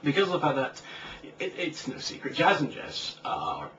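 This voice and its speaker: A man's voice: a little high, huge pitch swings, normal speed, a bit bright. Young guy rambling on, jokey, lots of ums, sounds far off on a lo-fi mic with a bit of hiss. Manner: rambling, joking, many fillers. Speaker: co-host, comic creator. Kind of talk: casual chat. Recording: distant lo-fi mic with faint hiss.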